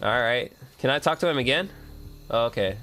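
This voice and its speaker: A man's voice: mid-range voice, lively intonation, brisk, sharp tone. A man streaming a video game, chatting casually, cursing now and then, and reading the game's prompts aloud. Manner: laid-back, swears, reads game prompts aloud. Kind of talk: casual gameplay commentary.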